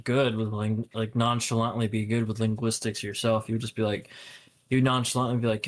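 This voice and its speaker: Young male co-host, low and level voice, rambling casual talker, heavy on fillers and swearing. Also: flat delivery, normal speed. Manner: rambling, full of fillers and profanity. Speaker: podcast co-host. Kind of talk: casual chat.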